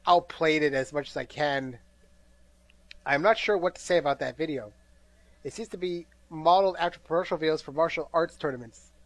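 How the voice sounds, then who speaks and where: A man reading a game's narration aloud during a playthrough, tired and bored, with small slips and asides. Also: a little high. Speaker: gameplay commentator reading game text aloud.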